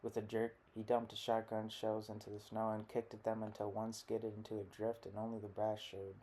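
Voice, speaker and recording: A man narrating a literary short story as an audiobook, with a low, steady, even delivery. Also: brisk.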